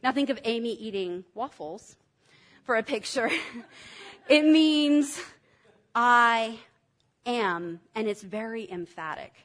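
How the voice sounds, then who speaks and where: A woman's voice: fairly high pitch, lively intonation, takes it slowly, pauses often, a bit bright. A woman preaching a sermon in an enthusiastic, teacherly way, drawing the congregation in to repeat words after her. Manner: enthusiastic, teacherly, engages the audience.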